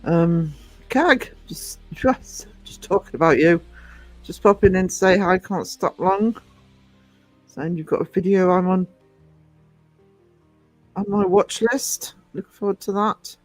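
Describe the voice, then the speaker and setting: A man with a somewhat high-pitched voice chats loosely through a livestream, restarting sentences and greeting viewers along the way. His talk wanders from one thought to the next in an easy, conversational way. Faint music plays in the background. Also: unhurried, long pauses, no room sound. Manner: rambling, chatty, self-interrupting. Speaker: livestream host.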